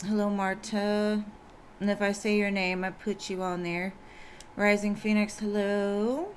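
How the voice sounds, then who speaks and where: Woman, tarot reader, scratchy voice, slow easy pace, chatty live-stream greetings. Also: medium pitch, flat delivery. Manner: chatty, greets viewers one by one. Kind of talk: casual live-stream chat.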